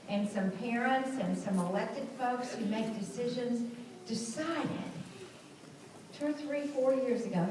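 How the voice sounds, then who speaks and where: A woman's voice: on the high side, background noise. A woman governor, giving a folksy speech to schoolchildren at an assembly, explaining things simply. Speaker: state governor. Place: school assembly hall, indoors. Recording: echoey hall from far off.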